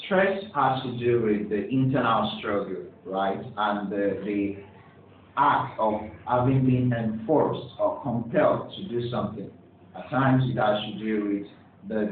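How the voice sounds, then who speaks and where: Man teaching in an echoey classroom. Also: fairly low pitch. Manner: encouraging, asks students questions and praises answers. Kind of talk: classroom pronunciation lesson. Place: classroom with students. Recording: echoey, distant, phone-like with faint hiss.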